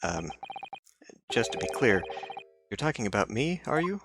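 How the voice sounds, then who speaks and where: Exasperated young male lawyer, read aloud by a man, lively in pitch. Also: normal speed, heavy background noise. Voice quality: exasperated, incredulous. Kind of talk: reading game dialogue aloud. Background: game music.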